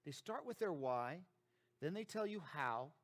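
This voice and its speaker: A man's voice: on the high side, lively intonation, unhurried. A man who is a dentist and practice founder giving an emphatic motivational presentation, repeating key phrases for effect.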